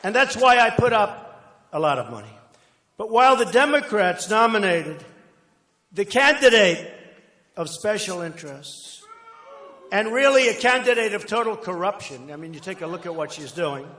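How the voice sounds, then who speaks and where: A man's voice: high voice, very animated, normal speed, bright, forceful tone, a faint crowd. A man giving a campaign rally speech, boastful and repetitive, with rambling asides. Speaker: political candidate addressing a rally. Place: large rally hall. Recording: echoey hall with long reverb.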